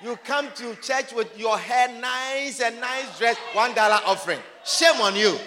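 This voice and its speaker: A man preaching a sermon to his congregation, emphatic and often shouting, repeating his phrases for force. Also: extremely high pitch, moderate pace, big-room sound, noisy background.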